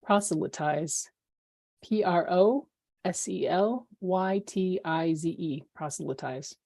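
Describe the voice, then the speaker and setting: A woman competing in a spelling bee over a video call, politely asking for definitions and spelling in a measured way. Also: on the low side, creaky, darkish tone. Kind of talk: spelling aloud in a contest.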